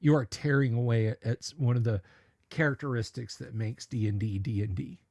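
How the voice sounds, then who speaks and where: A man hosting a livestream who chats casually with viewers and goes into opinionated, animated rants with stammered restarts. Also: mid-range voice, a little fast. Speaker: livestream host. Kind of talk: casual chat reading viewer comments.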